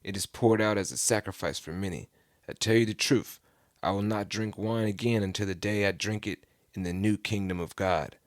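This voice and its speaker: A man's voice: on the low side, normal speed, dry recording, clean studio sound, lightly acted. A man reading Jesus, solemn and grave. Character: Jesus, solemn grown man teaching his followers.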